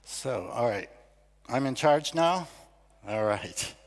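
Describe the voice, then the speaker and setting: An older man from the United States speaks to an audience at an award ceremony. His delivery is conversational and self-deprecating, with a middle-pitched voice. The sound carries the long reverb of a big hall. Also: animated, takes it slowly, creaky. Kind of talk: conference speech.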